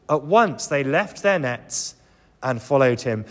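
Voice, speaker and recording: Bright-voiced preacher in a reverberant hall. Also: male voice, a little high, animated, takes it slowly. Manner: earnest, emphatic, repeats key phrases. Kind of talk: sermon.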